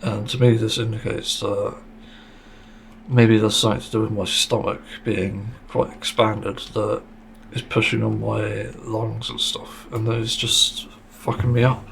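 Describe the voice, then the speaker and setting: Gravelly low-voiced man talking bluntly. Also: little pitch movement, unhurried, fairly bright tone, slight background noise. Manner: blunt and sweary, with a frank complaining tone; sarcastic at times. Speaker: podcast host. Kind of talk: casual solo podcast monologue.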